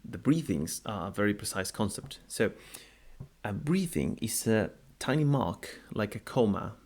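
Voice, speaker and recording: Gravelly low-voiced man teaching pronunciation. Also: big pitch swings, darkish tone. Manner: unhurried, repeats words slowly to model pronunciation. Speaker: language teacher. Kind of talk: explanatory video lesson.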